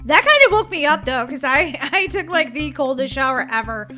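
A woman role-playing in a game, excitable and dramatic, giggling and crying out in playful panic. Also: high-pitched, moderate pace, faint music behind.

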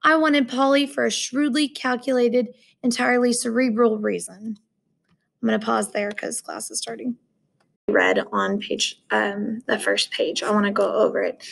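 A woman English teacher reads a short story aloud, then talks through it casually for her students. Her voice sits a little high and has a gravelly fry. She sounds explanatory and relaxed. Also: normal speed.

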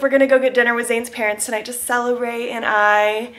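Vlogger, woman, high bright voice, excitable and giddy, chatting to camera at home. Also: a little fast. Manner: giddy, excitable, squealing and laughing often. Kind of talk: casual vlog chat. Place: at home, indoors.

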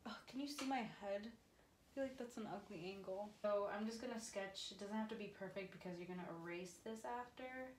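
A woman's voice: medium pitch, fairly quick, a little hiss or hum. A young woman chatting casually as she teaches painting at home, rambling and filling gaps with um and like. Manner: chatty, rambling, says um and like a lot. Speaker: vlogger. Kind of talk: casual painting tutorial chat. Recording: roomy echo with music behind.

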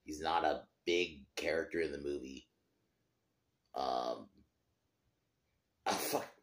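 With a slow bass voice in a reverberant space, a man hosting a podcast gives a casual film review chat, rambling along with loose swearing and trailing restarts.

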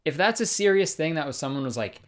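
A young man giving comic commentary in an excitable, sarcastic way, swearing often. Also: a little high, fast talker. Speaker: comedy YouTuber. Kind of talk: comedic commentary.

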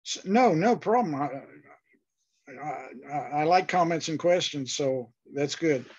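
A man's voice: a little high, animated, a little slow, dull audio. A man teaching an online Bible class, speaking thoughtfully with frequent fillers and restarts.

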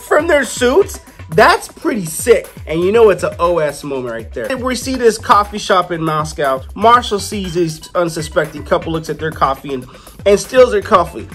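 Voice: mid-range voice, a bit bright. A comic book reviewer in a casual, chatty style, retelling the story loosely with playful asides.

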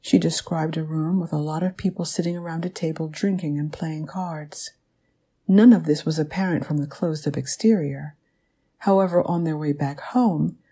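A woman narrating an audiobook in a measured, even reading manner. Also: low voice, breathy edge.

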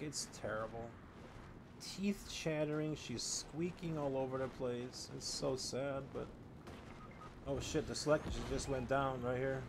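A man streaming a video game, chatting loosely with his viewers and swearing freely as he plays, in a room with faint background noise. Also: medium pitch. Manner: rambling, profane, talking to chat while playing. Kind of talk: casual live-stream chat.

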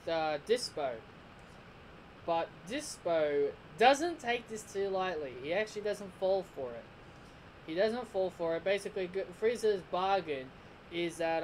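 A man with a higher-leaning voice reviews an anime episode casually, rambling, laughing often, and frequently restarting and repeating himself. There's slight background noise, and the audio is poor.

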